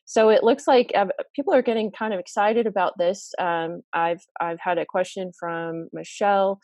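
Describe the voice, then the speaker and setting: A woman's voice: mid-range voice, steady tone, moderate pace, a little mellow, no room sound. A woman hosting a live online interview, asking questions in a friendly, appreciative manner. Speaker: interview host.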